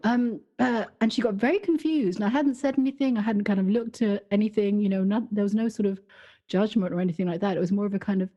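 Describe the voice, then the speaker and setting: A woman's voice: mid-range voice, fast talker, mellow, lo-fi sound. A woman, co-hosting a podcast in casual, reflective conversation and telling stories with frequent laughter. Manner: reflective, storytelling, laughs often. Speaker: podcast co-host.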